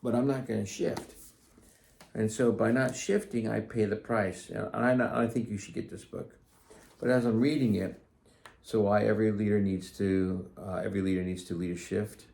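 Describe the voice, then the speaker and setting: A man's voice: fairly low pitch, steady tone, moderate pace, gravelly, darkish tone. A middle-aged man hosting his own podcast, talking casually and earnestly, rambling a little with restarts and asides. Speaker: podcast host. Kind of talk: casual solo talk.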